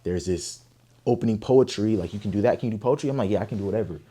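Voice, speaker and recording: A young man from Oakland, telling a story in an interview, animated, profane and emphatic. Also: fairly low pitch, very fast, husky. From Oakland, California. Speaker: guest artist.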